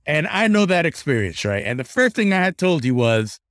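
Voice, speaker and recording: A man's voice: a little high, very animated, normal speed, a bit bright, no echo, clean studio sound. A man co-hosting a podcast, chatting casually, tagging on "right?" and swearing now and then. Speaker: podcast co-host.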